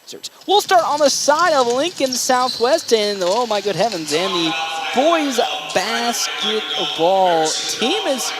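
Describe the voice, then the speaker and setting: A man calling a local high school basketball broadcast, chatty and rambling with self-corrections. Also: big pitch swings, slow pace. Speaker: play-by-play broadcaster. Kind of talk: local radio sports commentary.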